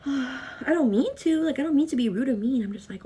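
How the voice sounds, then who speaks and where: Chatty husky young woman vlogging. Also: animated, brisk, dark tone. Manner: chatty, laughing, quoting herself in a higher voice. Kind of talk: casual chat while doing makeup.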